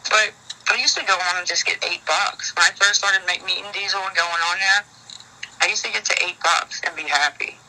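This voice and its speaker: A woman's voice: on the low side, brisk, pushed and bright. A woman on a phone call, talking frankly and rambling with worry, swearing often. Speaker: caller in a leaked phone call. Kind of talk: casual phone chat.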